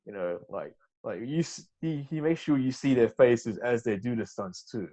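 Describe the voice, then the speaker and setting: A male podcast guest with a lively, swooping pitch, talking excitedly about films. He is loose and profane and gets worked up easily. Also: moderate pace. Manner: animated, excitable, swears freely. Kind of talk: casual movie discussion.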